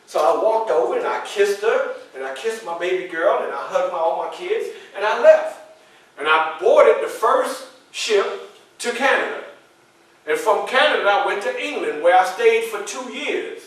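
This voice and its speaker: A man performing a first-person historical story, addressing a live audience as a lively storyteller. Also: sits high, normal speed. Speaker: historical reenactor. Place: public library event room. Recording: echoey room from far off.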